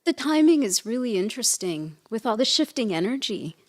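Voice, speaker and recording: Lively higher-voiced playful woman. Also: a little fast. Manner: playful, curious questioner. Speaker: podcast co-host and medium. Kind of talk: casual chat.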